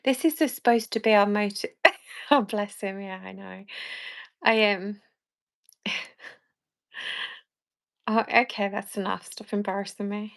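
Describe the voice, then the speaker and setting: Woman, Birmingham accent, gravelly mid-pitched voice, self-deprecating live-stream chat. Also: unhurried, long pauses. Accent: Birmingham English. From England. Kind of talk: casual chat.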